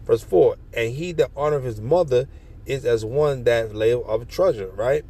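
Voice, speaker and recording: Casting: gravelly male street preacher, reads scripture, breaks into blunt, cussing commentary. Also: medium pitch, normal speed, mellow. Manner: reads verses then riffs in slangy, profane commentary.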